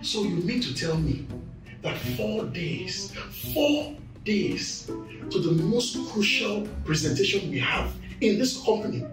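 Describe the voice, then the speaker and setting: An actor playing a stern, menacing company boss who scolds an employee with sarcasm. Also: male voice, high-pitched, very animated, slow, echoey room, distant mic, over music, exaggerated voice, poor audio.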